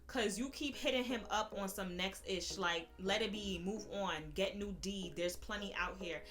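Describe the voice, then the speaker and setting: A woman, telling a sassy, animated storytime vlog. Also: medium pitch. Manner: sassy, animated, quick-witted. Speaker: YouTuber. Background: background music.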